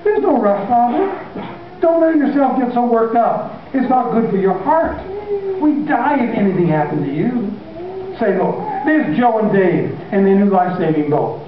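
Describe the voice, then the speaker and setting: Smug grown sons soothe and patronize in a breezy, high voice, as a preacher plays them. The voice is dull and comes from far back in a hall with heavy echo. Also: male voice, very animated, normal speed, noisy background.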